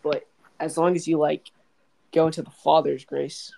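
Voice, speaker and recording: A man on a casual faith podcast, speaking haltingly and losing his train of thought. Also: on the high side, flat delivery, gravelly, warm tone, rough recording. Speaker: podcast co-host.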